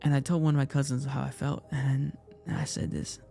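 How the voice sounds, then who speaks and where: Gravelly young man telling an emotional story. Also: mid-range voice, level tone, mellow, soft background music. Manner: emotional, halting retelling with many repeats. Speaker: casting participant. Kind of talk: personal storytelling.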